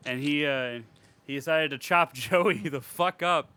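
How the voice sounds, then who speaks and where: A man's voice: fairly high pitch, unhurried, sharp tone, smooth. A man co-hosting a podcast, chatting casually about a horror movie in a rambling, profane way with frequent laughter. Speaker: podcast co-host.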